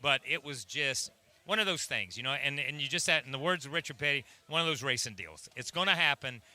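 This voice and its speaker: Middle-aged male racing analyst cohost, very bright timbre, animated and emphatic. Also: mid-range voice, a little fast. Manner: animated, emphatic explaining with restarts. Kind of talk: casual studio chat.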